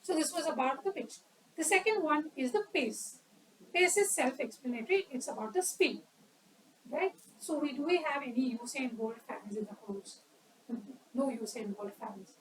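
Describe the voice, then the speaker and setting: A woman's voice: sits high, moderate pace, recorded from a distance, slight background noise, poor audio. A woman giving an educational talk on public speaking at a club meeting, quizzing the audience and acting out examples.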